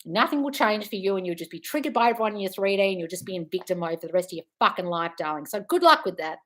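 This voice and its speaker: A woman manifestation coach answering viewer comments on a livestream, blunt and profane, breaking into loud scolding rants of tough love. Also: medium pitch, expressive, fast talker.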